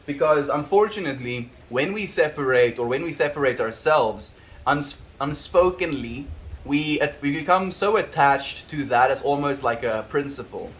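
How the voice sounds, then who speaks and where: A South African man chatting on a livestream, soft-spoken and reflective, reading viewers' messages aloud. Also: medium pitch. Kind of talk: casual livestream chat.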